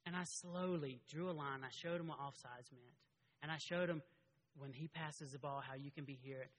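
A middle-aged man preaching a sermon as a pastor, conversational and animated, often restarting his sentences. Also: fairly high pitch, normal speed. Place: church sanctuary. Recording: long reverb of a large hall.

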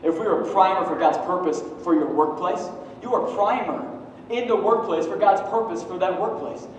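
A man in his thirties preaching a sermon, swinging from loud, emphatic peaks down to quiet joking asides. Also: high voice, normal speed, slight background noise. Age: 30s. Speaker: pastor. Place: church hall. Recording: echoey hall from far off.

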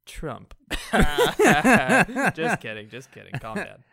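A man's voice: mid-range voice, animated, measured pace, crowd noise. A man in a casual comics chat, speaking wryly and joking, often laughing as he talks. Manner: wry, joking, laughs through lines.

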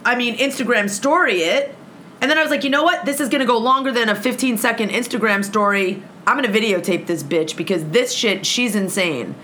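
A woman's voice: fairly high pitch, brisk, a little hiss or hum. A woman telling a heated story in casual conversation, swearing freely and acting out both sides of an argument. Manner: profane, animated, acts out both sides of an argument.

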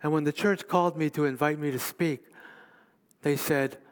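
A man in his fifties preaching a sermon as pastor, animated, swinging between loud emphatic lines and hushed asides. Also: a little high, normal speed.

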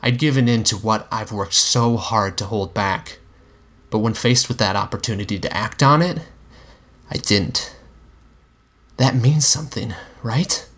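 Male reader, low and bright, measured dramatic storytelling. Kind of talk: dramatic first-person story reading.

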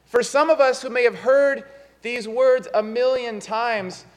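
A man's voice: extremely high pitch, unhurried, long reverb tail. A male pastor preaching a sermon in a church, talking casually and poking fun at himself as he tells a personal story. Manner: conversational, self-deprecating storytelling. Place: church sanctuary.

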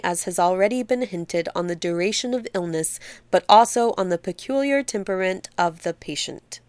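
A woman reads a dark literary story aloud, measured and steady. The recording is close and dry, with no room sound around her. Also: mid-range voice, clear, resonant tone, no echo. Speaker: narrator. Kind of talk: literary audiobook narration.

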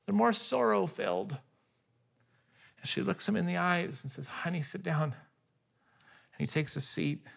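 A man in his thirties preaching a sermon, telling a story with animated delivery, often restarting on repeated words. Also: sits high, unhurried, gravelly, long pauses. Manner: animated storytelling, voice rising when excited and dropping soft for quiet moments. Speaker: pastor.

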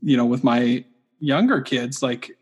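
A man hosting an interview podcast with a slightly husky voice. He asks questions in a relaxed, friendly way, filling pauses with ums and likes. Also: medium pitch. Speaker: podcast host. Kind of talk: casual interview chat.

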